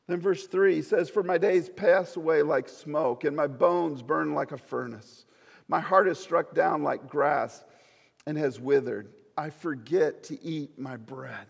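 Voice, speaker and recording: A man preaching a sermon as a pastor, swinging from loud pleading to hushed storytelling. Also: on the high side, a little slow, vocal fry, breathy edge, in a large hall.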